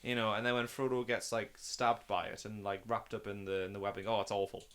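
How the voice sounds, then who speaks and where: A man's voice: fairly low pitch, little pitch movement, fairly quick, a bit bright, clear, resonant tone. A man in a casual podcast chat, talking about a film with rambling, enthusiastic gushing. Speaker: film review podcast guest watching for the first time.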